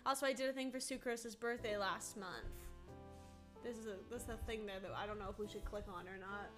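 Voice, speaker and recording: A woman's voice: mid-range voice, fairly even intonation, fairly quick, over music. A woman who voices characters, hosting a live autograph stream in bubbly, gushing casual chat.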